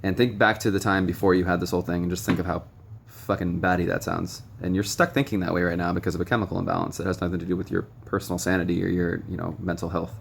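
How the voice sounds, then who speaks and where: A man's voice: low voice, level tone, fast, creaky, hardly any pauses, slight background noise. A young man vlogging recovery advice in a frank, rambling way with many ums and some blunt swearing. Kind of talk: casual direct-to-camera monologue. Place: noisy room with stray tapping and beeping.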